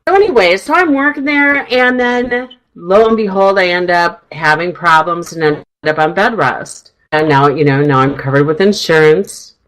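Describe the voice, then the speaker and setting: A middle-aged woman hosts a radio talk show with a low, slightly hoarse voice. She rambles cheerfully, laughing as she goes, in loose casual chat. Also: normal speed, hardly any pauses, a bit bright, rough recording. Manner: chatty, rambling, laughs often. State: throat tickle, slightly hoarse.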